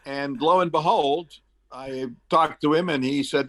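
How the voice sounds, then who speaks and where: A man's voice: medium pitch, a bit bright. A man in his seventies who grew up in the Middle East, chatting as an interview guest and telling anecdotes with lots of fillers. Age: 70s. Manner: chatty, acts out quotes in his stories; brisk storyteller with frequent fillers.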